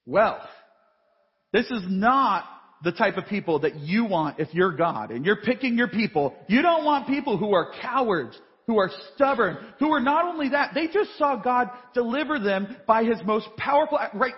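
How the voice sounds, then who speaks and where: High-voiced preacher in a big echoey church. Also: male voice, moderate pace. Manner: animated, reads scripture then acts out voices. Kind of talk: sermon. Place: large church. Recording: dull live church feed with long reverb.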